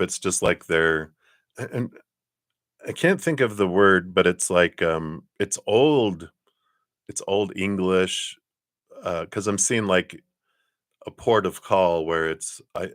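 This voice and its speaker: Deep-voiced chatty male tarot reader. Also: fairly bright tone, no echo, studio quality. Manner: chatty, laughs often, acts out little quotes. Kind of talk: live-stream card reading, casual chat.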